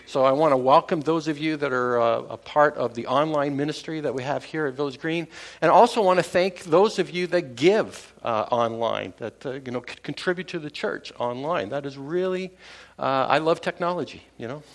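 A man's voice: a little high, normal speed. A man preaching a casual sermon to his congregation, talking conversationally with many fillers and restarts and chuckling at his own jokes. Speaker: pastor.

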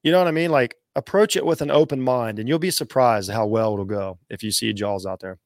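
A man's voice: mid-range voice, a little fast, no room sound. Rambling man on a dry close mic. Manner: rambling, animated, swears casually. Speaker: podcast co-host. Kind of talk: casual chat.

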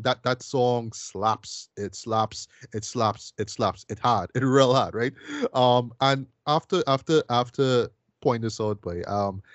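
A man's voice: medium pitch, no room sound. Rambling man reviewing a film. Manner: rambling with repeated words and fillers; peppers speech with "boy" and "right?". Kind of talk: casual podcast chat.

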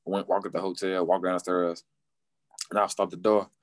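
Deep-voiced young man telling a story. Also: little pitch movement, normal speed, no room sound. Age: 20s. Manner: slangy, repeats himself, quotes people. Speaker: guest. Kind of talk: casual storytelling.

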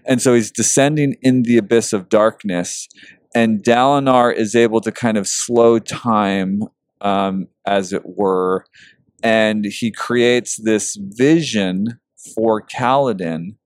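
A man talking a book over in casual chat, earnest and emotional, pausing with fillers. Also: on the low side, no room sound, studio quality.

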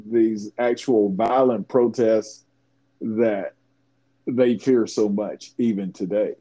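A man co-hosts a casual podcast, and his voice sits in a warm, mellow register. He talks in a measured, reflective way, often restarting phrases mid-thought. The audio is dull and a little lo-fi. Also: on the low side, fairly even intonation. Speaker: podcast co-host.

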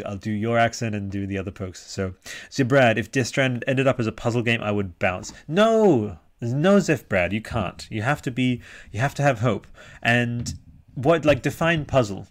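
A man hosting a live podcast, chatting enthusiastically and reading out viewer comments. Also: medium pitch. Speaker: podcast host.

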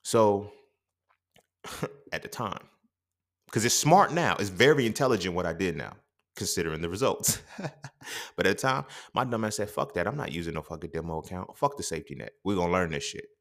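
A man's voice: fairly quick, long pauses. A young man hosting a casual podcast monologue, swearing freely and acting out quoted dialogue in his stories. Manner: profane, streetwise storytelling with quoted dialogue; animated, jumps up in pitch when quoting. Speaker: podcast host.

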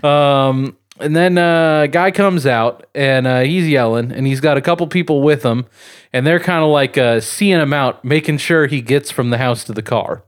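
A man's voice: mid-range voice, moderate pace, clean tone. A man co-hosting a podcast, telling a long story in a rambling way with fillers and chuckles. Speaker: podcast co-host. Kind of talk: casual podcast chat and storytelling.

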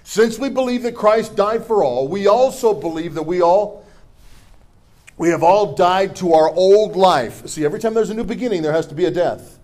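A middle-aged pastor preaches at a moderate pace in a high-pitched voice. He reads scripture, leads the congregation in call-and-response, and adds humorous asides alongside forceful declarations.

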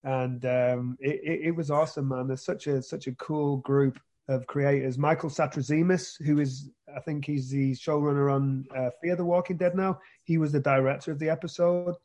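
A man's voice: a little high, fairly even intonation, normal speed, hardly any pauses, a little mellow. A British man being interviewed about his acting career, talking casually with many restarts and repeated words. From Britain. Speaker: actor guest.

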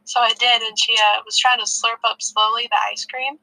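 A woman's voice: a little high, flat delivery, normal speed, pushed and bright, no room sound, poor audio. A young woman co-hosting a podcast, chatting in an easygoing way. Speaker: podcast co-host. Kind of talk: casual podcast chat.

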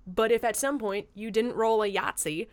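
A woman co-hosting a casual chat, playful and quick with interjections, swearing casually. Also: a little high.

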